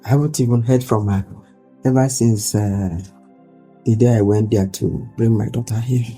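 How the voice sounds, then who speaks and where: An actress playing a worried mother who speaks slowly and wearily. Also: extremely low pitch, dark tone, husky, soft background music. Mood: weary.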